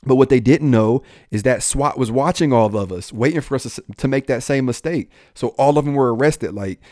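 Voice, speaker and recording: A young adult man, a police officer, telling his own life story in an animated way, jumping up in pitch when he quotes people. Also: a little fast, no echo, studio quality. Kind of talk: personal storytelling in a podcast talk.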